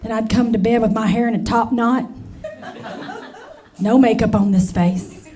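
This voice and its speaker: A woman's voice: a little high, fairly even intonation, measured pace, dark tone. A woman in her forties doing a stand-up comedy set on stage, brassy and chatty, calling the crowd honey and y'all. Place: comedy stage before a live audience. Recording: live comedy show with crowd laughter.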